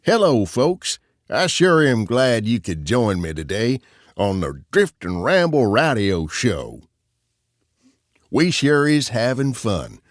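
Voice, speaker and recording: A man's voice: on the low side, no room sound, clean studio sound, full character voice. A man voicing a folksy Western radio DJ with a country twang.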